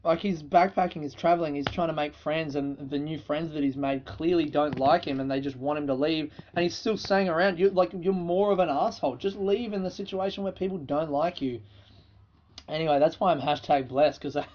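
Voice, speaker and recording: A man's voice: a little high, steady tone, a little fast, lo-fi sound, slight background noise. An Australian man hosting his own podcast, telling stories in a loose, profane, casual way and laughing through them. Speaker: podcast host. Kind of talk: casual solo storytelling.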